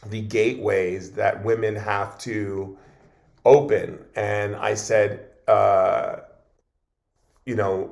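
A man's voice: on the low side, creaky. A man who is a shaman guest on an interview show, telling a long story in an earnest, rambling way with many fillers.

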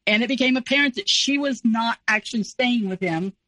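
A woman in her forties, an interview guest telling a personal story in a casual, animated way. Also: fairly high pitch, a little fast, no echo, low-quality recording. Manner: animated, acts out quoted voices.

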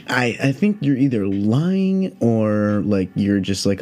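Male podcast host, low mellow voice, loose profane rambling chat, faint music behind. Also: expressive, normal speed. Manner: rambling, profane, heavy on "like" fillers. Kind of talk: casual solo podcast chat.

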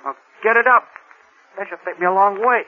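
An actor playing a cocky small-time hoodlum with rough grammar in a 1940s radio drama. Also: male voice, sits high, fairly quick. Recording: dull old radio recording.

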